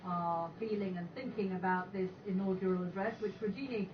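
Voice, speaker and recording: A woman presenting a news special in a measured, formal broadcast style. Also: mid-range voice, fairly even intonation, recorded from a distance. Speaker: news anchor. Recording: TV audio played in an echoey room, heard from afar, dull and noisy.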